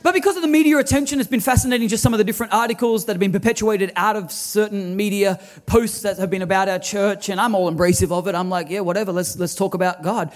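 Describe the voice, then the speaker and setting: A man's voice: sits high, fast talker, hardly any pauses. A man, preaching a sermon as lead pastor, telling stories animatedly with quoted dialogue.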